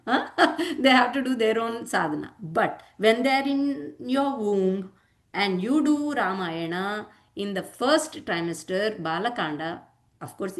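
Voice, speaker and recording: Woman teaching scripture, kinda high voice, keeps going hmm? huh? at the class. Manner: animated, rhetorical "hmm?" and "huh?" asides, acts out quotes. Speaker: spiritual teacher. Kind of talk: devotional discourse.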